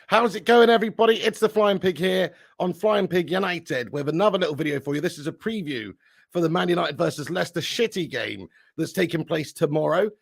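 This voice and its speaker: Gravelly high-voiced man hosting a stream. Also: brisk, dry recording, studio quality. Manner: banter-heavy, teasing chat readers with swearing. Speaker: live stream host. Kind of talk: casual live-stream chat.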